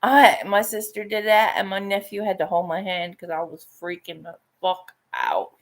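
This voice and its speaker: A woman's voice: mid-range voice, animated, normal speed. A middle-aged woman chatting casually while she paints, swearing freely and laughing often. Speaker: painting vlogger.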